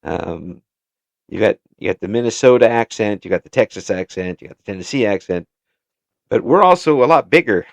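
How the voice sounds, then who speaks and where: A man's voice: fairly low pitch, animated, fairly quick, vocal fry, dry recording, muffled recording. An American man hosting an interview in casual chat, stumbling over restarts and laughing often. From United States. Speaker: interview show host.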